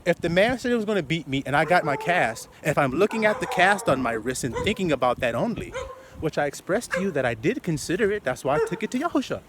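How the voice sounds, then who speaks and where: A man preaching loosely and profanely outdoors, swinging from muttering to loud outbursts. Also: a little high, sing-song, fast talker, background noise. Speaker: street preacher.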